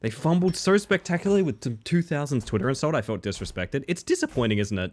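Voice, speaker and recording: A man's voice: mid-range voice, very animated, fast talker, few pauses, darkish tone. A man streaming a video game live, chatting casually with his viewers, laughing often and swearing freely. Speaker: livestreamer. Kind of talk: casual live gaming commentary.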